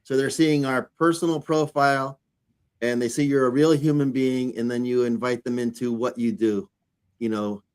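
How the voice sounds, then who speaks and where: Male interview host, mid-pitched voice, casual, sums up what the guest says. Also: steady tone, normal speed, clear, resonant tone. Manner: restates and summarizes the guest's points.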